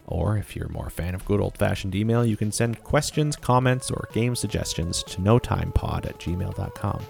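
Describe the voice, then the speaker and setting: A man hosts a podcast in a relaxed, casual way, closing the show with a read sign-off. His voice is low and gravelly, recorded dry and close with faint music behind. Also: normal speed. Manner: relaxed, reads a sign-off plug. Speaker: podcast host. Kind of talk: casual podcast chat and outro.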